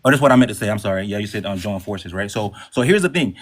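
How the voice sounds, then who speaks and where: A man's voice: fairly low pitch, expressive. A middle-aged man, a guest on a live-stream debate, talking in hesitant bursts and restarting often. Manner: fast, hesitant, restarts when interrupted. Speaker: guest caller.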